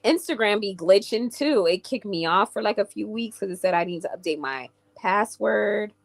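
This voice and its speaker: A woman's voice: medium pitch, expressive, normal speed, vocal fry. A woman from England chatting casually with viewers on a livestream and answering their comments. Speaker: live streamer.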